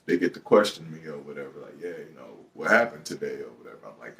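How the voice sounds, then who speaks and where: A man with a Detroit accent tells a story from his own life in loose, profane street talk and jumps into loud acted-out bits. His voice sits low and heavy. He sounds a little far from the mic. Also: lively intonation, fast talker, gravelly, hardly any pauses. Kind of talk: casual storytelling.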